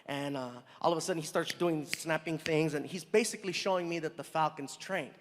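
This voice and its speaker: A man doing stand-up, telling a story and acting out the people in it with quick voice changes. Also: a little high. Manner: animated, acts out characters with shifting voices. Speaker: stand-up comedian. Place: large live venue with audience laughter. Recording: live hall with crowd noise.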